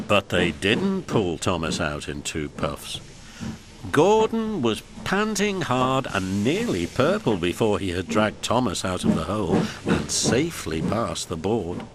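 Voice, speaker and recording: Slow expressive male storyteller. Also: lowish voice, noisy background. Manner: expressive, unhurried. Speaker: narrator. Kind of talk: storybook narration.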